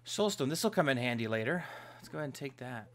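A man giving casual let's-play commentary as host of a gaming channel, excitable, yelping and trash-talking the enemies on his screen. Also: mid-range voice, quick pace. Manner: excitable, yelps and trash-talks game enemies.

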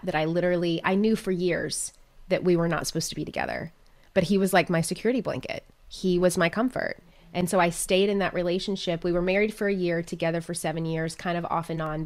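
A woman in her thirties, a podcast guest and business coach, telling a personal story in an earnest, candid way. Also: lowish voice. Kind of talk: casual interview chat.

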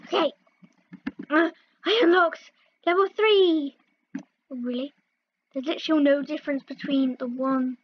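A gaming video host gives casual let's-play commentary, playfully yelping and groaning every time she falls. Her voice sits high and moves a little slowly with frequent pauses, and the audio sounds dull.

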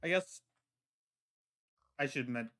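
A man roleplaying lore in casual chat, halting with many fillers and restarts. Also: medium pitch, fairly bright tone. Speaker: lore roleplayer playing a god figure.

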